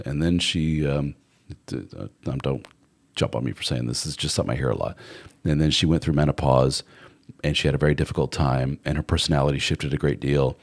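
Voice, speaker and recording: Very deep-voiced man hosting a live chat. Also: expressive, fast talker, gravelly. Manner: rambling and conversational with fillers, reads out viewer comments. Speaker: relationship coach and live-stream host. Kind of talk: casual live chat answering viewer comments.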